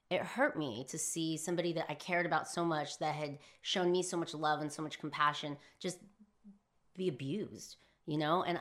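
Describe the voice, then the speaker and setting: A young woman telling a personal story in an emphatic, profane monologue, swinging from hushed to shouting. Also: sits low. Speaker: philosophy vlogger.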